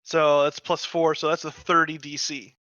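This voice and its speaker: A man's voice: a little high, little pitch movement, normal speed, sharp tone, dry recording, highs cut off. A man playing in a tabletop game, explaining rules with stumbling restarts. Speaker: player. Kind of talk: casual chat.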